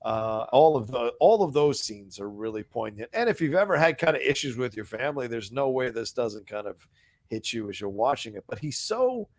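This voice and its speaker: A man's voice: medium pitch, big pitch swings. A man co-hosting a podcast in casual chat, enthusiastic and swearing, a bit stuffed up. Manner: enthusiastic, swearing, quick reactions. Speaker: podcast co-host.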